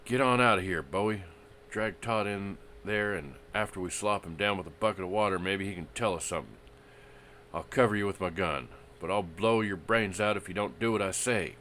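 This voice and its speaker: A man voicing a ruthless male outlaw leader in a western story, gruff, scoffing and threatening. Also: sits low, a little fast, sharp tone, slight background noise, voice pushed up. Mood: menacing.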